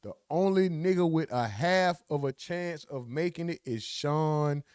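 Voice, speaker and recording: A man with a fairly high voice rants through a casual live commentary, profane and slangy. He sounds close and dry, with no room around him. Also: measured pace, smooth, dry recording. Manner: profane, animated, slangy ranting. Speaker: livestream commentator.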